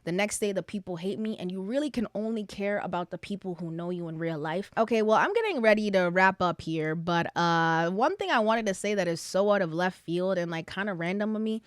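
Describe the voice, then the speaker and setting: Young female podcast host, casual and opinionated, filler-heavy, mid-pitched, dry close sound. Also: animated, a little fast, few pauses, dry recording. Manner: chatty, opinionated, frequent "like" fillers. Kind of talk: casual solo podcast chat.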